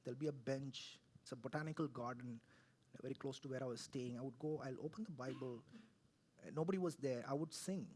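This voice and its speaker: A man, preaching conversationally, swinging from loud to hushed and often asking "right?". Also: medium pitch. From India. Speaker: pastor. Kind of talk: sermon. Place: church.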